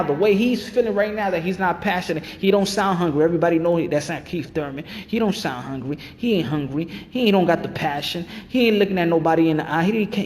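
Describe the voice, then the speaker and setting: A man's voice: sits high, a little mellow, long reverb tail. A man hosting a boxing channel, ranting in fired-up, repetitive commentary.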